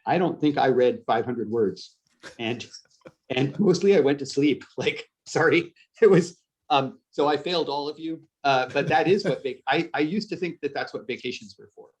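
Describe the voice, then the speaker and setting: At a moderate pace and mid-range pitch, a middle-aged man from upstate New York, USA, speaks with an accent that could pass for Canadian. He's an author being casually interviewed, and his talk meanders, turns self-deprecating, and is peppered with restarts and laughter.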